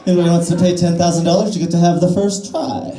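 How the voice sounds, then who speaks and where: A woman's voice: lowish voice, little pitch movement, quick pace, background noise. A trans woman in her twenties doing a crude, self-deprecating stand-up set, rambling with fillers. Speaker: stand-up comedian. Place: small cafe-bar stage. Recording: echoey bar room.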